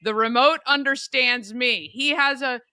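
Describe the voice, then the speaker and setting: Bright, crisp-voiced chatty woman host. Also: high voice, measured pace, no room sound. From United States. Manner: chatty, laughs easily. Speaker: morning show host. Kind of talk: casual chat.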